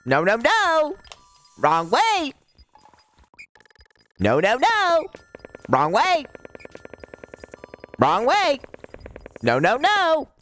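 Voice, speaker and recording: Man doing a shrill cartoon racing-game voice, way higher than his own, frantic yelping. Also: huge pitch swings, very slow, pauses often, a bit bright, a little hiss or hum, exaggerated voice.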